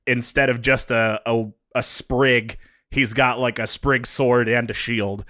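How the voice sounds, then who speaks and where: A man's voice: medium pitch, fairly even intonation, measured pace, sharp tone. A man on a comedy podcast with a dry, teasing delivery. His voice sounds close to the mic in a room with no echo. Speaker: podcast co-host. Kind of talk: casual comedic chat.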